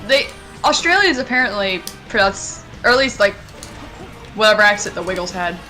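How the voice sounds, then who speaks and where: A woman's voice: mid-range voice, expressive, moderate pace. A young woman from Maine chatting casually and swearing freely while streaming a game. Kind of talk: casual chat while gaming. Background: game music.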